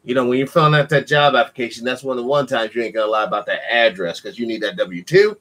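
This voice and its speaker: A man hosting a call-in talk show, chatting casually and acting out quotes in animated, profane stories. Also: medium pitch, quick pace. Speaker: podcast host. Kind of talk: casual chat.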